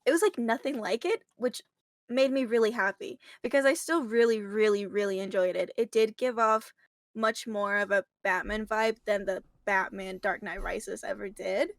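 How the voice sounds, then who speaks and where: A woman's voice: mid-range voice, moderate pace, no echo. Giggly chatty woman, dry close sound. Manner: chatty, giggly, animated retelling. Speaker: guest reviewer. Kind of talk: casual chat.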